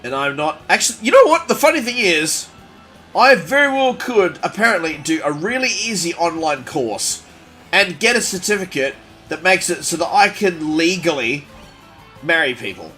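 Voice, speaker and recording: A man's voice: fairly high pitch, normal speed, soft background music. A man chatting casually on a gaming livestream, rambling and joking as he plays. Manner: animated, rambling and jokey. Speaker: gaming streamer.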